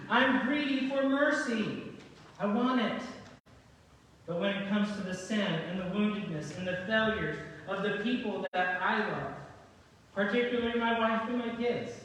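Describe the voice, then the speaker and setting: A man's voice: high voice, fairly bright tone. A male pastor preaching a sermon in a conversational way, often asking the congregation rhetorical questions. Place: large church sanctuary. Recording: very echoey church hall from far off.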